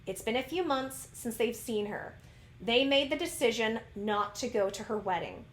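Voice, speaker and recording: A woman's voice: fairly high pitch, animated, normal speed, reverberant. A woman vlogger who reads out celebrity news and then breaks into a heated, ranty commentary, firing questions at her viewers. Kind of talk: news reading turning into a rant.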